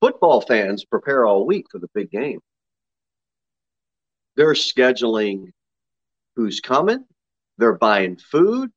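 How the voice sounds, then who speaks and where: Male pastor, lively pitch swings, folksy sermon delivery, muffled lo-fi recording. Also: slow, pauses often. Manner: folksy, laughing asides between scripture readings.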